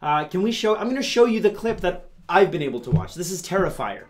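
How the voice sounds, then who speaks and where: Animated, playful male news host. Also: high voice, fast. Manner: playful, gushing, addresses the audience directly. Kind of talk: comedic news hosting.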